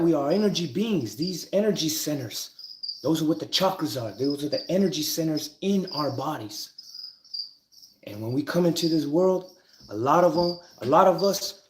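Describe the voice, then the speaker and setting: A man teaching about spiritual ideas in a casual, rambling monologue, swearing freely, restarting sentences, and getting loud and excited when he makes a point. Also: mid-range voice. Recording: echoey, with bird and cricket noise.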